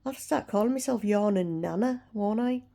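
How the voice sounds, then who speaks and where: A woman's voice: medium pitch, brisk, gravelly, dark tone. A woman, chatting frankly to camera and ranting about a dentist. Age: 60s. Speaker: vlogger. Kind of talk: casual chat to camera.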